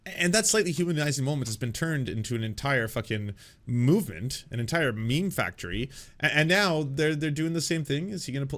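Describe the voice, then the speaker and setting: A man's voice: medium pitch, lively intonation, a little fast, fairly bright tone. A man hosting political commentary, reacting to played clips with sarcasm, laughter and profane asides.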